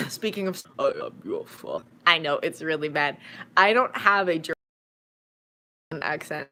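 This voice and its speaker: An adult woman who reads fanfiction aloud, chatting casually from home in a live-stream Q&A. She rambles and jumps into sudden bursts of excitement. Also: fairly low pitch, a little hiss or hum. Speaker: fanfiction audiobook narrator and streamer.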